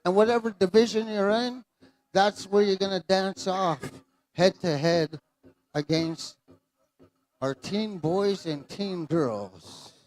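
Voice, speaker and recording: Emceeing at an outdoor pow wow arena, a man announces over the PA to the crowd and dancers at a slow pace. His voice sits high and is a little mellow, and his manner is laid-back and joking.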